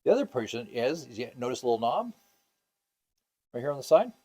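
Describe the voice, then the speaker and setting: A male scuba instructor talks a class through gear in a classroom. His voice sits at an ordinary middle pitch, and he keeps it casual and upbeat, with plenty of ums and uhs. Now and then he tosses questions out to the group. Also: very animated, fairly quick, dark tone, breathy edge. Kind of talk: classroom teaching.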